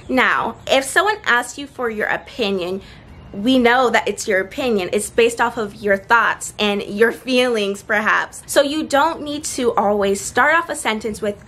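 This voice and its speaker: A woman's voice: on the high side, lively intonation, a bit bright. A young woman in a casual vlog giving earnest, encouraging speaking tips, recorded outdoors with seagulls nearby. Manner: earnest, encouraging, slows for emphasis. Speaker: vlogger giving confidence tips.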